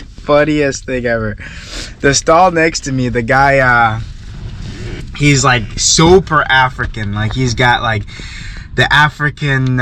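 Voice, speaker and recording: A man's voice: medium pitch, pushed and bright, a little hiss or hum. A young man telling a story in a casual, rambling vlog from inside his van, full of "like" and giggles. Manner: rambling, giggly, heavy filler "like". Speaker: vlogger.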